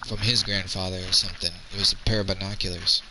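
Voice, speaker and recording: A man's voice: low voice, flat delivery, quick pace, background noise. A man in his thirties telling a rambling, profane story in casual chat. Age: 30s.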